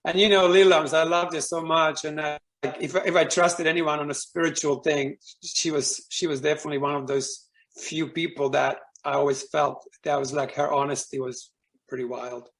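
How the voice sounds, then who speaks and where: Gravelly higher-voiced man telling a story. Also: fairly even intonation, moderate pace, a bit bright. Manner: rambling, with many fillers and restarts. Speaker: guest speaker. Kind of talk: casual personal storytelling talk.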